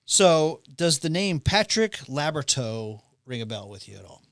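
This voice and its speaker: Animated podcast storyteller, man, bright and forward voice, dry close mic. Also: on the high side, a little slow, dry recording. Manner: animated storyteller who acts out quotes. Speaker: podcast co-host. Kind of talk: casual chat, anecdote telling.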